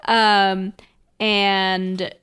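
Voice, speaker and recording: A woman's voice: medium pitch, level tone, extremely slow, a bit bright, clear, resonant tone. A woman casually recapping an anime episode with friends, often hesitating and acting out lines as she goes. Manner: chatty, hesitant, recounts plot with quoted lines.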